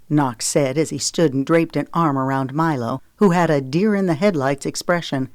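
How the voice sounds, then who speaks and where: A woman narrating a romance novel in a steady, expressive audiobook reading. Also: sits low, moderate pace, hardly any pauses, smooth, dry recording, clean studio sound. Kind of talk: scripted narration.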